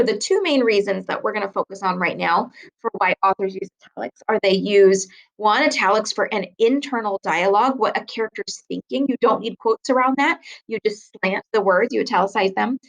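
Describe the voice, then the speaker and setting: A woman's voice: medium pitch, poor audio. Woman teacher explaining a writing lesson. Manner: clear, patient explaining, slows down for emphasis. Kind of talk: recorded classroom lesson.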